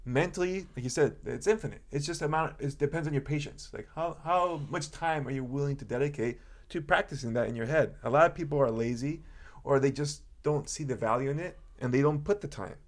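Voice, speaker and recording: A man's voice: a little high, a little fast. A man co-hosting a podcast, speaking in a casual, earnest and reflective way.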